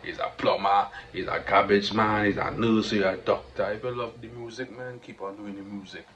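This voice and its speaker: On a dull lo-fi recording with faint noise, a Trinidadian-accented man hosts his own podcast, giving a motivational monologue. His voice is lowish, slightly bright and fairly flat, at normal speed, and he is preachy and repetitive, often asking "you understand?".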